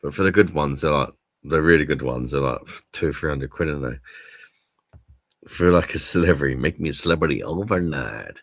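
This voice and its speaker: Deep-voiced man, laid-back and sweary. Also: brisk, no room sound. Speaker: host of a drinks review live stream. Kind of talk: casual live-stream chat.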